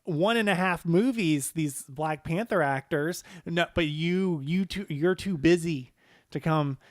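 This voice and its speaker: A man co-hosting a movie podcast in animated, profane casual chat, laughing often. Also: fairly high pitch, a little slow, no room sound, clean studio sound. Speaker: podcast co-host.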